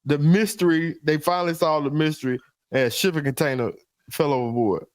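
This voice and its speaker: A man's voice: on the high side, a little fast, no echo. A man, a podcast co-host, laid-back and laughing easily in casual comedy chat.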